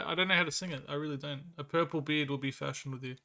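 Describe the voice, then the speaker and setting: Young man, Australian accent, streamer chatting with viewers, bemused and laughing, crisp bright tone. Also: on the high side, fairly even intonation, fast, few pauses. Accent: Victorian Australian. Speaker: livestreamer. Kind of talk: casual live-stream chat with viewers.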